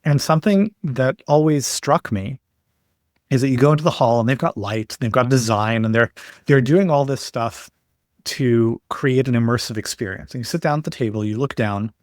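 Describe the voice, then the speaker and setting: A man as a podcast guest, explaining his ideas in a steady way with stories and examples. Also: medium pitch, moderate pace, dry recording, clean studio sound. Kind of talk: explanatory interview talk.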